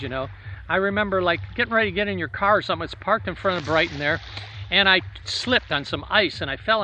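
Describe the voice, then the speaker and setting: A man's voice: on the high side, bright, forceful tone, a little hiss or hum. A middle-aged man in a rambling personal monologue, swearing freely as he talks to an absent friend about old times. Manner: profane, reminiscing, addresses an absent friend. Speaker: vlogger.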